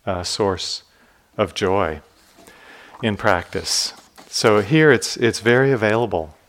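Low-voiced man giving a gentle talk. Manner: unhurried storytelling, phrase ends drop soft and low; gentle, reflective delivery. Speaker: meditation teacher. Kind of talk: dharma talk with personal stories.

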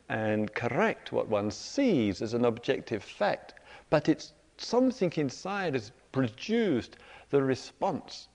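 A middle-aged man giving a meditation talk, telling everyday stories with lively, acted-out quotes. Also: fairly high pitch. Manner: animated storytelling, acts out quoted voices. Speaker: meditation teacher. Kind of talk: dharma talk to retreat audience. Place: retreat center meditation hall. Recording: reverberant hall recording.

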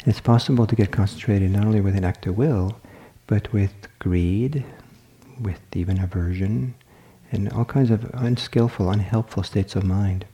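Gentle, mellow-voiced male meditation teacher. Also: lowish voice. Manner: gentle, reflective, halting with frequent restarts. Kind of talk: dharma talk at a retreat.

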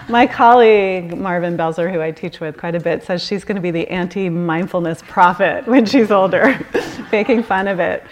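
A woman's voice: fairly low pitch, unhurried, a little hiss or hum. A woman in her forties giving a candid, laughing talk as a meditation teacher at a retreat. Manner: warm, candid, storytelling with laughs and self-corrections.

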